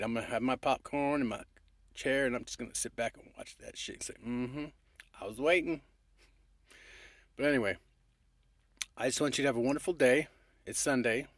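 A man's voice: medium pitch, no echo, studio quality. Rambling, profane man vlogging. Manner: rambling, profane, affectionate, addresses viewer as babe. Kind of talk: rambling motivational vlog monologue.

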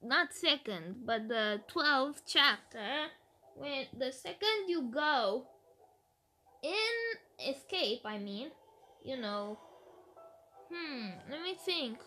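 A woman's voice: sits high, animated, extremely slow, pauses often, bright, forceful tone, soft background music. A woman from Romania chatting casually about her game predictions, thinking aloud with hesitant restarts. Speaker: gaming video creator. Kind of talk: casual game-theory chat.

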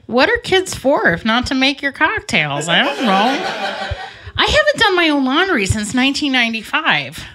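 A middle-aged woman doing a profane stand-up comedy routine on a club stage, with brash quick asides and an audience laughing. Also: sits high, wildly swooping pitch, background noise. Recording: live club recording with crowd.

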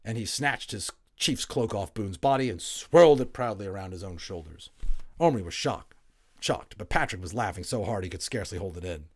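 Lively man reading a children's novel. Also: lowish voice, normal speed, breathy edge. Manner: expressive, lively storytelling. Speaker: audiobook reader. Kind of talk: storybook narration.

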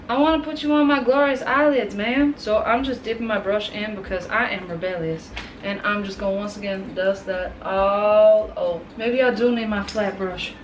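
A woman's voice: a little high, a little hiss or hum. A woman doing a casual makeup tutorial, chatting and making jokey asides to her products and to herself. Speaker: makeup vlogger. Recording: roomy and distant from the mic.

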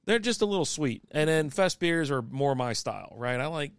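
A man's voice: fairly high pitch, lively intonation, normal speed, clear, resonant tone, no room sound. A man, chatting casually and rambling with many restarts as a podcast host. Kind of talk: casual live-stream chat. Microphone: desk microphone.

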